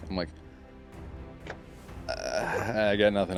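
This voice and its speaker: A man's voice: fairly low pitch, normal speed, pauses often, a little mellow, soft background music. A man casually telling a long story on a podcast, swearing freely and acting out what others said. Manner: profane, acts out quoted people.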